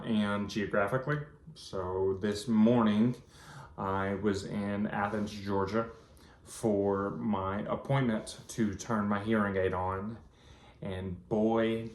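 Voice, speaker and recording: Man, 30s, deep-ish, casual vlog talk, roomy echo. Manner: earnest, rambling storytelling with many ums. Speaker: vlogger. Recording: echoey room.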